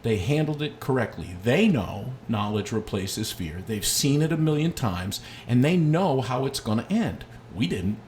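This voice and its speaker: A middle-aged man talks through a dog-training lesson in a relaxed, conversational way. He mixes explanation with lively personal stories at an even middle pitch, over a faint hiss of background noise. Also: moderate pace, few pauses. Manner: storytelling with lively anecdotes. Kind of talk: casual instructional talk.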